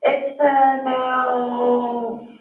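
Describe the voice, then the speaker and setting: A woman's voice: high-pitched, little pitch movement, extremely slow. A woman calling an emergency line, agitated, distracted and apologetic as she keeps breaking off mid-sentence. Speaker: 911 caller. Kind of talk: emergency phone call. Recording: muffled, distant, roomy call recording.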